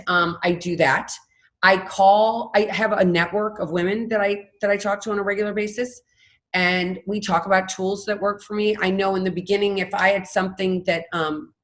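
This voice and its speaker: A woman's voice: on the low side, a bit bright. A woman in her fifties, a podcast guest, telling her story candidly and with animation. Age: 50s. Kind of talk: casual interview talk.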